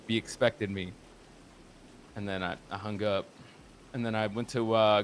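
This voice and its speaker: With slight background noise, a man who streams roleplay tells a casual story about what happened in a roleplay game, swearing, rambling, and using lots of filler. He speaks at medium pitch with a fairly bright tone.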